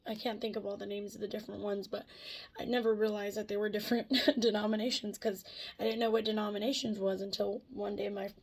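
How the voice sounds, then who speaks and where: A woman speaks in a candid, confessional vlog, with a husky, breathy edge to her voice. She rambles from thought to thought, curses without a second thought and breaks into short laughs. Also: medium pitch, flat delivery, quick pace, darkish tone. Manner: candid and rambling, swears freely, laughs often. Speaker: vlogger. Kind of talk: casual confessional talk to camera.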